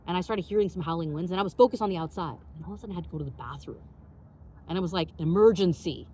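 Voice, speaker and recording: Woman, podcast host, personal storytelling, animated, frequent "like" fillers, quick delivery, faint background noise. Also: on the low side. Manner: animated, full of "like" fillers and acted-out dialogue.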